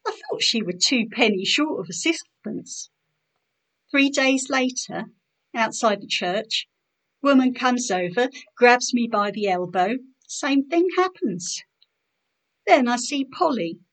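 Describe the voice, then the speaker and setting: A woman's voice: fairly high pitch, animated, slow pace, fairly bright tone, heavily acted, poor audio. Woman performing a melancholic underage boy soldier, rueful dialect monologue, poetry performance.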